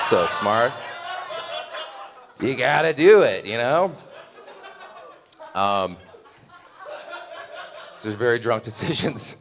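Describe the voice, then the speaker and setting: Young guy rambling thru a funny story, laughs at himself, lowish voice. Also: lively intonation, slow, long pauses, a bit bright. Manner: rambling, self-mocking, laughing through the story. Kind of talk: live comedic storytelling.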